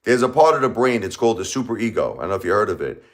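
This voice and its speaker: A man's voice: lowish voice, sing-song, very fast. A man hosting a live stream, lecturing and scolding his chat commenters in a confrontational, repetitive way. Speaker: livestream host.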